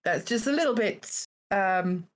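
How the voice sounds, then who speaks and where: A woman hosting a live-streamed game show, talking in a halting way with lots of fillers and small laughs. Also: medium pitch, lively intonation. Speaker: Taskmaster host.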